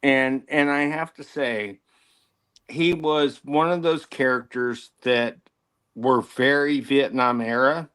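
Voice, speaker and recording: A man's voice: mid-range voice, fairly even intonation, slow pace, a bit bright, clean tone. A man co-hosting a casual talk show, enthusiastic and fond of quizzing his co-hosts with questions. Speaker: co-host. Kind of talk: casual chat.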